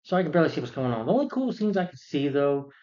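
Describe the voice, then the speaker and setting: A man's voice: fairly high pitch, big pitch swings, very fast, a little mellow, muffled recording. A man casually recapping a film in a rambling rant, full of fillers and sarcastic asides. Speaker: film reviewer.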